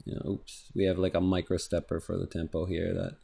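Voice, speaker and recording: Casual low-voiced man teaching music software. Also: monotone, brisk, gravelly, breathy edge. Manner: casual, rambling, thinks aloud while clicking, hums rhythms. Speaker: music production instructor. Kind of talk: screen-recorded software tutorial. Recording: faint electronic music underneath.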